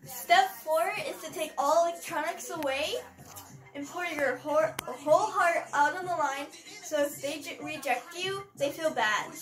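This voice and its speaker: A woman's voice: sits high, measured pace, a bit bright, faint music behind. A teenage girl narrating and acting out steps in a comedy skit, giggly and hesitant, with lots of ums.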